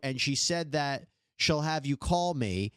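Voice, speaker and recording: A man reading a news report in a measured, formal way. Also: mid-range voice, expressive, smooth, dry recording, clean studio sound.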